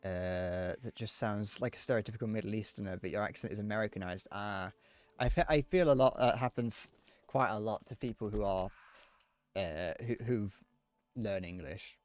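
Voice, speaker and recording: A man's voice: fairly low pitch, moderate pace. Fields: Sex: man. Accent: Northern Irish. Role: livestreamer. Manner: rambling, laughing. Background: faint game music. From Northern Ireland. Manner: rambling, animated, laughs at own jokes. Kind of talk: casual chat to viewers while gaming.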